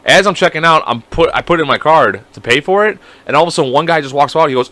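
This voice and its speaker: A young man trading stories on a casual podcast. His voice is bright and a little high for a man, and it swings up and down a lot as he tells a story. He swears freely and puts on other people's voices while he talks. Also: expressive, fast, few pauses, no echo. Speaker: podcast co-host. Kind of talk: casual chat.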